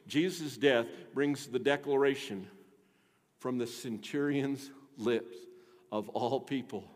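A middle-aged male pastor preaching a sermon, emphatic, swinging between quiet and loud, questioning the congregation. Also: medium pitch, slow pace. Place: church sanctuary. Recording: long reverb of a church hall.

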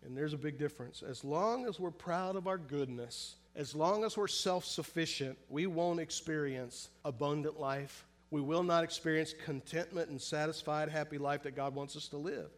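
Earnest male preacher with a raised voice. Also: on the high side. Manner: earnest preaching, shifts between loud emphasis and soft, slow, drawn-out phrases; asks the listeners direct questions. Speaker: pastor. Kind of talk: sermon.

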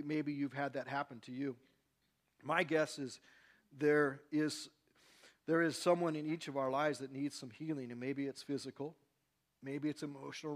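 A male pastor preaching a sermon, swinging from loud, emphatic lines to quiet, personal confiding. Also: fairly high pitch.

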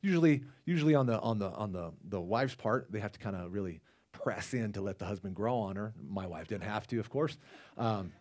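A man with a somewhat low voice delivers a loose, conversational sermon. He wanders into asides and restarts his sentences as he talks to the congregation. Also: lively intonation, fairly quick, darkish tone. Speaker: lay preacher. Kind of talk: casual sermon.

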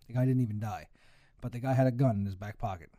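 A man's voice: mid-range voice, fast talker, mellow, no echo, clean studio sound. A young man ranting heatedly with lots of swearing in a casual chat.

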